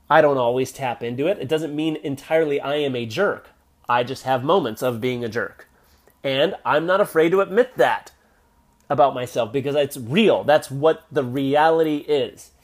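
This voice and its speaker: A man hosting a motivational solo podcast, talking emphatically and checking in with the listener, with his pace speeding up and slowing down and his volume swinging between loud and soft. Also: fairly high pitch, lively intonation. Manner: emphatic, repeats "right?" to the listener. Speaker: podcast host.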